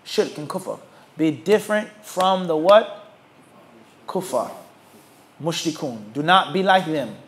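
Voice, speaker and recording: High-voiced man teaching a religious class. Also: slow pace, pauses often. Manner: asks the class to finish his sentences; animated, mocks opposing views in put-on voices. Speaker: Islamic teacher. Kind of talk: lecture to a class.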